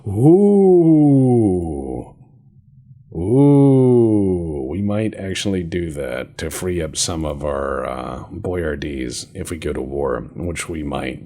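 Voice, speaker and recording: Brief: male game-channel host, low dark voice, sardonic running commentary, casual cursing. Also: slightly rough. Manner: joking, sarcastic, swears casually.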